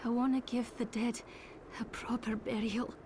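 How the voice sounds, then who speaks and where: An actress voicing a gentle, somber village woman in a game, speaking softly and with care. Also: fairly high pitch, flat delivery, noisy background, close to an everyday voice. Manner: soft, measured, gentle. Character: somber young village woman mourning the dead.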